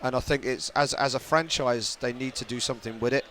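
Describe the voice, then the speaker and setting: A man's voice: mid-range voice, fairly even intonation, brisk, a bit bright, slight background noise. British man, podcast guest, thoughtful, restarts phrases, casual chat. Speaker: MMA journalist guest.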